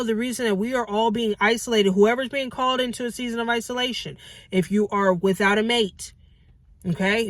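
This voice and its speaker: A young woman giving casual, lively Bible teaching to women, calling them baby and girls and acting out the voices in the story. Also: medium pitch, no room sound. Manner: animated, acts out quoted voices, calls listeners baby and girls. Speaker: Christian teacher.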